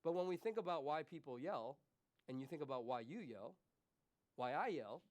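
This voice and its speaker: Speaking at a moderate pace with a fairly high, animated voice, this man preaches as a pastor in church. He alternates hushed, confessional moments with raised, pointed questions put to his congregation.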